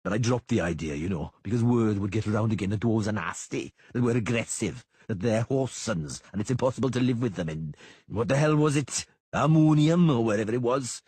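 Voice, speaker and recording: A man's voice: on the low side, darkish tone, slightly rough, no echo. A man voicing a stocky, blunt, crude-talking male dwarf in an audiobook.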